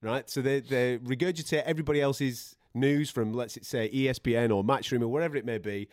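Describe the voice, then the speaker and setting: A man's voice: medium pitch, fairly quick, dry recording. Chatty man, dry close mic. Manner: chatty, laughs often, swears freely. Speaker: boxing podcast host and radio presenter. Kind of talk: casual banter and storytelling.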